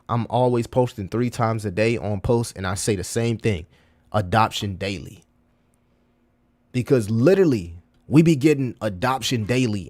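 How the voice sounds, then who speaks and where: A man's voice: medium pitch, a little mellow. A man talking casually to his livestream chat, full of slang, repeating himself and calling listeners bro. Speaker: crypto livestreamer.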